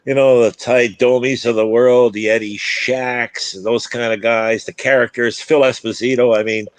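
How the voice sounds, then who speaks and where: A man's voice: mid-range voice, fairly even intonation, moderate pace, dry recording. Older man rambling through old stories. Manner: rambling, stumbling restarts, acts out quotes. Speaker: former hockey player and broadcaster. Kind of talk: casual storytelling chat.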